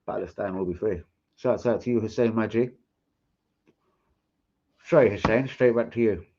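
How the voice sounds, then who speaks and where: A man's voice: on the low side, normal speed, slight background noise. Sweary man ranting on a lo-fi stream. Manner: sweary, animated, mocking. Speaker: live streamer. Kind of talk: casual livestream rant. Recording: dull lo-fi stream audio.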